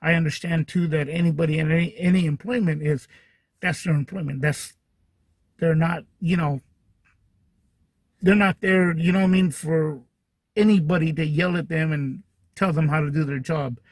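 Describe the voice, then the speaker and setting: A man's voice: on the high side, steady tone, moderate pace, pauses often, no room sound. A man hosting a podcast, telling a long personal story in a rambling way full of fillers and restarts. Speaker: podcast host. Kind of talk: casual storytelling monologue.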